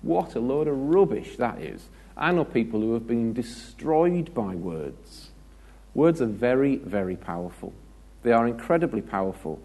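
A man's voice: mid-range voice, lively intonation, normal speed, mellow. A British man preaching a conversational sermon, chatty and joking, with anecdotes and asides to the congregation.

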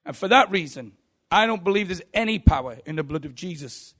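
A man's voice: high-pitched, expressive, a little fast, a bit bright. A man preaching a sermon voices a young atheist heckler who mocks him on a TV show. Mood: scornful. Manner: sneering, confrontational. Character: young male atheist heckler, scornful and combative.

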